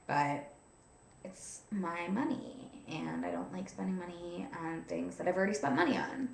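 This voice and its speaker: A woman's voice: fairly low pitch, moderate pace, vocal fry. Chatty, frustrated young woman, roomy sound. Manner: chatty, frequent "like" fillers, frustrated and cranky. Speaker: vlogger. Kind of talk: casual venting vlog. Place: at home, seated with a cat on her lap.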